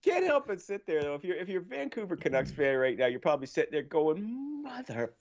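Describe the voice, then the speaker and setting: A man from Nova Scotia co-hosting a hockey podcast in casual chat. He is animated, laughs often, and talks with lots of fillers. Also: high voice, fast talker, highs cut off. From Nova Scotia, Canada. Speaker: podcast co-host.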